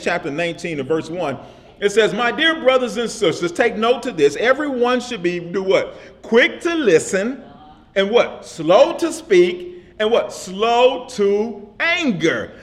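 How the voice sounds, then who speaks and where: Casting: male pastor with a high voice, casual vernacular, repetitive call-and-response sermon delivery. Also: animated, a little slow. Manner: repetitive call-and-response preaching with frequent "amen?".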